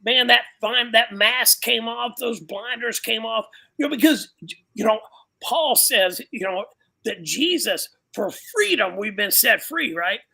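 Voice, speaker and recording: This man speaks high for a male voice, and his tone has a gravelly fry and a sharp, piercing edge. He is a biker pastor giving a casual testimony on a podcast, talking loosely and preachily and peppering every line with "man" and "you know.". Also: unhurried, rough recording.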